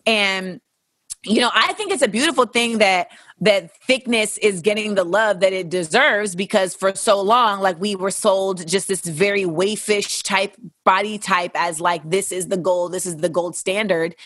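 A woman's voice: mid-range voice, measured pace, a bit bright, dry recording, clean studio sound. A young adult woman hosting, answering listener questions in a frank, casual, profane way, acting out the voices she quotes. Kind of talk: casual candid commentary.

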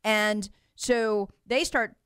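A woman's voice: mid-range voice, steady tone, extremely slow, a bit bright, smooth, no room sound, clean studio sound. A woman giving emphatic political commentary, repeating her points and acting out what others said. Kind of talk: animated political talk.

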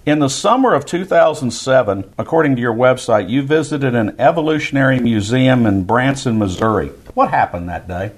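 A man's voice: mid-range voice, lively intonation, normal speed, hardly any pauses. A man hosting a radio interview, folksy and affirming toward his guest. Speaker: interview host.

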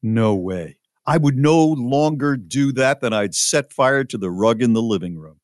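A man's voice: mid-range voice, lively intonation, unhurried, no echo, studio quality. A man co-hosting a radio show, chatting casually and reacting to his co-host with short, affable interjections.

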